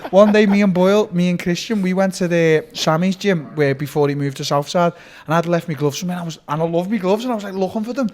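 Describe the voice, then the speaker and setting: A man, speaking as a guest in a casual sit-down interview, telling stories in a rapid, animated way with lots of swearing and restarts. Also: high-pitched. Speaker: interviewee, fighter.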